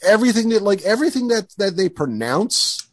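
A man's voice: high-pitched, sing-song, brisk, dry recording. A man hosting a podcast in casual chat, enthusiastic and rambling with lots of fillers. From Canada. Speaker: podcast host.

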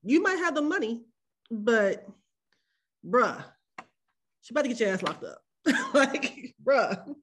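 An animated woman co-hosting a podcast, talking in loose, slangy casual chat. Her voice sits a little high, and she laughs often between points. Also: slow, long pauses, a little hiss or hum. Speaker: podcast co-host.

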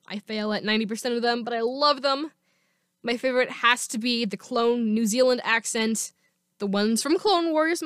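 Woman podcast host, upbeat fan chatter, bright-pitched, close dry mic. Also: no echo. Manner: chatty and enthusiastic. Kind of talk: casual solo podcast talk.

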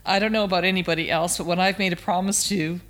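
A woman's voice: fairly low pitch, fairly even intonation, fast, a bit bright. An emphatic woman tells a long personal story as an interview guest. She talks plainly and animatedly, pushing her key lines. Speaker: guest, cancer survivor.

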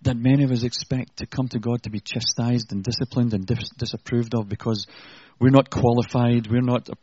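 Man delivering a sermon, earnest and conversational with wry asides, slightly husky; dull, muffled recording. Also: mid-range voice, fairly even intonation, brisk, mellow, dry recording. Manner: earnest, conversational preaching with self-deprecating asides. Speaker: preacher.

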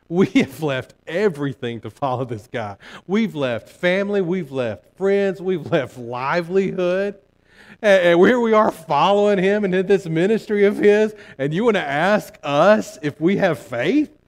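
A man voicing indignant male fishermen disciples who protest loudly in rising, offended outbursts. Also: sits high, measured pace, voice pushed up.

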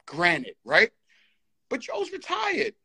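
A man's voice: high voice, wildly swooping pitch, slow, vocal fry, bright, forceful tone, slightly rough. A man arguing heatedly on a live call, insistent and repeating himself as he talks over the others. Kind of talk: heated argument.

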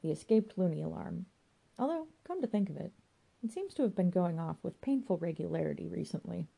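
A woman's voice: fairly low pitch, expressive, a little fast, vocal fry, dark tone, husky, exaggerated voice. A woman voicing a rambling, self-important male pub landlord with a banged head. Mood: dry.

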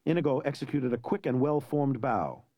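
A man narrating a story in an expressive, dramatic way. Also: mid-range voice, moderate pace, no room sound, dull audio. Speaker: audiobook narrator.

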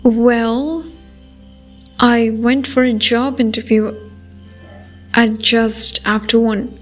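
A woman's voice: fairly high pitch, steady tone. Anxious, snappish mother, read by a woman narrator. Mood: worried, defensive. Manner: brisk, defensive and irritable. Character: anxious, fretful middle-aged mother. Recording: faint music behind.

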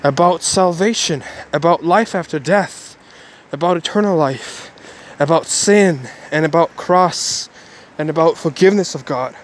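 Rambling earnest man vlogging, slightly high. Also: unhurried, a little hiss or hum. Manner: rambling, self-correcting, earnest. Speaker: Christian vlogger. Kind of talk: casual daily vlog.

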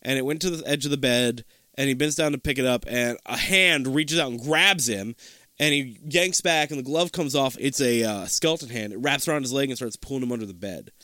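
Guy on a podcast going over an episode, bright crisp voice, keeps doing the characters' lines. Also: mid-range voice, no room sound, studio quality. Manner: animated, acts out characters' lines in quick voices. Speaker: podcast co-host. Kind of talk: casual chat recapping a TV episode.

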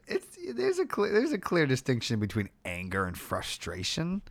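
A man's voice: medium pitch, huge pitch swings, moderate pace, no room sound. Dry-witted young man. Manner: dry, wry questions. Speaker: podcast co-host. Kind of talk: casual chat.

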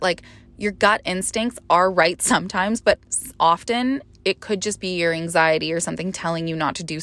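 A woman's voice: fairly low pitch, a bit bright, no echo. Brief: young woman podcast host, confessional monologue, candid and rambling, plenty of "like", dry close mic. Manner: candid, rambling, frequent swearing and "like" fillers; emotional, rising sharply when reliving panic.

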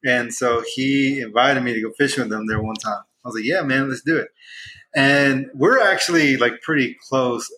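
A young man telling a fishing story in casual chat on a podcast, rambling with restarts and jumping into excited quoted voices. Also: medium pitch, moderate pace, poor audio. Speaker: podcast guest.

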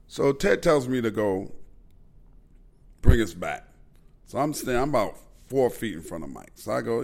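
A man's voice: medium pitch, sing-song, moderate pace, creaky, long pauses, darkish tone. A man, telling stories animatedly and with profanity as a podcast host. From Queens, New York. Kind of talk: casual storytelling chat.

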